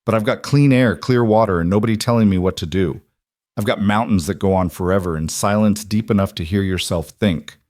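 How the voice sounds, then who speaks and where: A man's voice: lowish voice, fairly quick, darkish tone, no room sound, clean studio sound, close to an everyday voice. A man voicing a plain-spoken, protective frontier trapper in a storybook reading. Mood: reflective.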